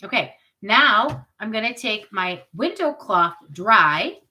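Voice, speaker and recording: A woman's voice: medium pitch, lively intonation, slow pace, sharp tone, slight background noise, low-quality recording. A woman in her forties hosting a live product demo on webcam, chatty and upbeat, with asides to her viewers. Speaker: product party host.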